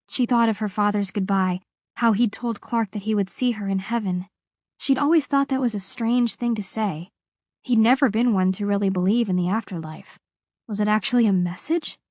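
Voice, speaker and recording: Recorded dry with clean studio sound, a woman with a mid-range voice narrates an audiobook. Her reading is measured and expressive.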